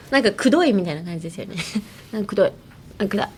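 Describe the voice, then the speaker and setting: A woman's voice: mid-range voice, lively intonation, rapid-fire, slight background noise. A young woman hosting a casual bilingual language lesson, playful and giggly, drilling words over and over. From United States. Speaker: podcast host, English teacher.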